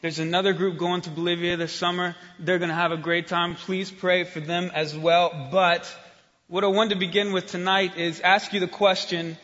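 A man preaching in a church, telling a story in an animated way that builds to excited shouting. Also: high voice, moderate pace. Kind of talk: sermon with storytelling. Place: church hall. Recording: dull sound, long hall reverb.

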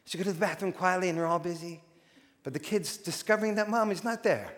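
Pastor guy preaching, high voice, lots of restarts, long echo like a big church. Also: fast talker. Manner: animated storytelling with frequent restarts. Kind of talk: sermon. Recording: long hall reverb.

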